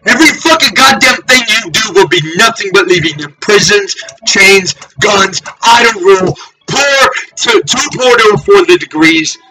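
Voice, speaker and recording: High, bright-voiced man preaching a cursing rant. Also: animated, normal speed, soft background music, rough recording. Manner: ranting, cursing, often shouting. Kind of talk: fiery profane sermon.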